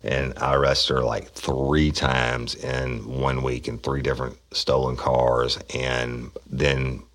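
A man's voice: very deep voice, flat delivery, slow, fairly bright tone. A middle-aged man, a former police officer, telling rambling, profane stories in casual talk. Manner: rambling, profane, with frequent restarts. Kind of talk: casual storytelling.

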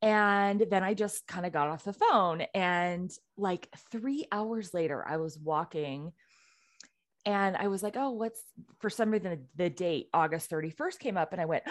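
With a lowish voice and measured pace, a woman co-hosting a podcast tells a story casually, acting out the quotes with animation.

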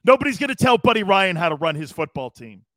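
A brash, jokey East Coast US man hosts a sports talk show, riffing casually, reading chat comments aloud, and laughing often. His voice is high-pitched, very animated, fast, and a bit bright, with no echo.

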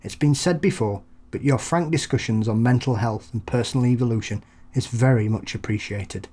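A man's voice: medium pitch, normal speed, warm tone. A man co-hosting a podcast, chatting casually with jokey, rambling anecdotes. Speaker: podcast co-host. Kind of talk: casual chat.

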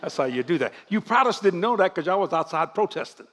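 A man's voice: high-pitched, very animated, quick pace, fairly bright tone. An older man preaching to a congregation, joking and laughing as he goes. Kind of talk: church sermon.

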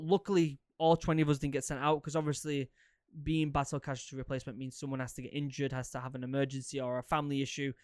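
A man in his thirties, a podcast host, telling stories casually in a rambling, animated way with many fillers and repeats. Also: fairly high pitch, clear, resonant tone, dry recording, clean studio sound. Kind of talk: casual storytelling, answering listener questions.

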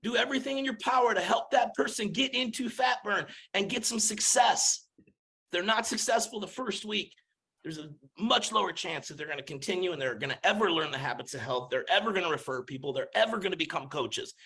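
A man with a high, bright voice and a husky texture, exhorting health coaches on a training call. His delivery is urgent and pushes the listener to act. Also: expressive, fairly quick.

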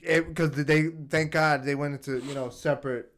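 A man's voice: a little high, fairly even intonation, normal speed, a bit bright. A man co-hosting a casual podcast chat, laughing often and acting out voices as he tells stories. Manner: laughing storyteller, acts out voices in anecdotes. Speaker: podcast co-host.

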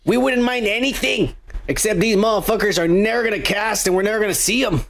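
Brief: male podcast co-host, gravelly and a touch high, crude rambling banter. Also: fast talker, fairly bright tone. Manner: crude, rambling, swears often. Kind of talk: casual profane chat reading comments.

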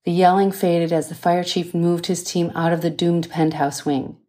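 Audiobook: author reads her thriller, low-ish female voice, measured and dramatic. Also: little pitch movement, warm tone. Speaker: author reading her novel. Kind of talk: audiobook narration.

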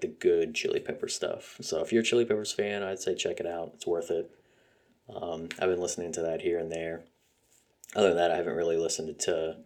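A young man hosts a podcast, rambling casually about music with lots of fillers and swearing. His voice is deep with a darkish tone.

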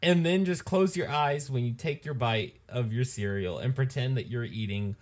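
A young man of average pitch co-hosting a podcast. He reads out entertainment news and chats in a relaxed, easygoing manner, often stopping and restarting mid-thought. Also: normal speed. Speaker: podcast co-host. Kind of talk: casual chat and reading news items.

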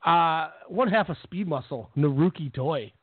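A man's voice: fairly high pitch, expressive, measured pace, husky, dry recording. A man co-hosting a casual wrestling podcast, rambling through stories and laughing often. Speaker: podcast co-host. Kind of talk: casual wrestling fantasy draft chat. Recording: tinny phone-line audio, dry.

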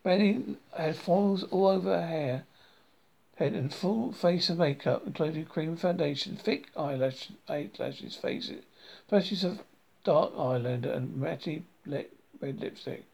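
A man's voice: on the high side, measured pace, creaky, a little mellow. A man reading a comic diary novel aloud, with frequent slips and restarts. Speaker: reader.

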